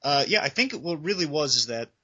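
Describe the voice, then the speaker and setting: A man co-hosting a casual video game review chat, hesitant and quick to apologize. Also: on the high side, expressive, pushed and bright, husky. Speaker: co-host. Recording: dull lo-fi home recording.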